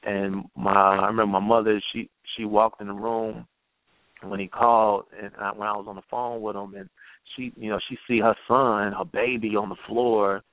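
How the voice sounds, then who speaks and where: A man guest telling a personal story in an earnest, halting way, with many restarts, heard over a tinny phone line. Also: lowish voice, flat delivery, dry recording. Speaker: guest poet.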